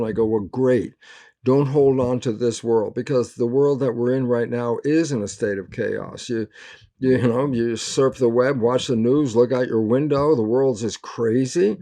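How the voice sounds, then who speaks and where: The older biologist being interviewed has a medium-pitched, mellow voice with a steady tone and a normal pace. He speaks earnestly and emphatically in animated interview talk, performing little quoted exchanges as he talks.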